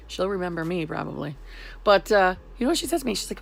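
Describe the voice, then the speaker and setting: Sarcastic woman venting, gravelly low voice. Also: big pitch swings, fast. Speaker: vlogger. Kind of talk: sarcastic storytelling vlog.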